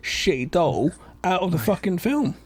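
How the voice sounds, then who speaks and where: A man's voice: high voice, sing-song, normal speed, a little mellow, slightly rough. A man co-hosting a podcast, swearing freely and heckling with sarcastic asides. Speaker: podcast co-host. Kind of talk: casual banter.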